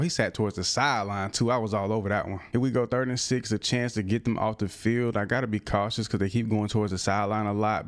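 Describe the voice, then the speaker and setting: A young man commentating his own football video game play in casual slang, breaking into sudden bursts of excited frustration. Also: fairly low pitch. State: out of breath. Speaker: gaming creator. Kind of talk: live gameplay commentary.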